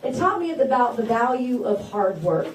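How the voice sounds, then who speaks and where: A politician in her forties from South Carolina delivers a campaign stump speech at a town hall, telling folksy personal stories that build toward rousing declarations. Her voice is a little high, with big pitch swings, at a normal speed. She is recorded from a distance in an echoey event hall with an audience.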